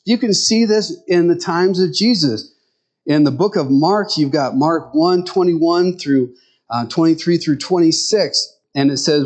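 A man's voice: on the high side, a little slow, a little mellow. A male pastor giving a conversational sermon, full of rhetorical questions.

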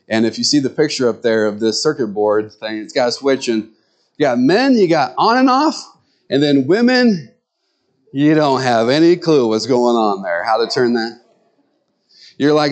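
A man's voice: mid-range voice, expressive, normal speed. Storytelling male pastor. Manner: storytelling, acts out quoted voices. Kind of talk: sermon with humorous anecdotes.

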